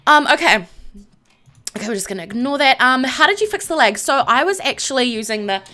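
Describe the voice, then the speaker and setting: A woman's voice: high-pitched, animated, fairly quick, bright, forceful tone. A young woman streamer casually narrating a life-sim game, bubbly and giggly, with many fillers.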